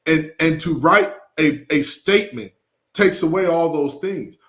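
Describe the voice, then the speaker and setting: A man co-hosting a sports podcast, talking in an animated, emphatic way with playful asides. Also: a little high, unhurried. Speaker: podcast co-host. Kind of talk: casual sports chat.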